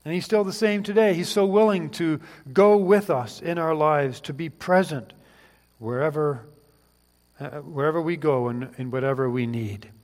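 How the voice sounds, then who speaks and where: A man preaching a sermon, earnest and pleading, building to fervent questions. His voice sits a little high for a man. It rings out with a long hall reverb behind it. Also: moderate pace, a little mellow.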